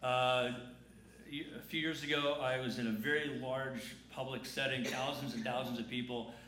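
A man's voice: medium pitch, steady tone, moderate pace, sharp tone. A man preaching an Easter sermon in a large church, conversational and joking, drawing the congregation into call-and-response. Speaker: pastor. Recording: echoey church room with faint noise.

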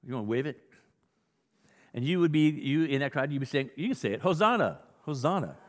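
A male pastor preaching a sermon in a conversational, animated teaching style with frequent restarts. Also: mid-range voice, brisk. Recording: long hall reverb.

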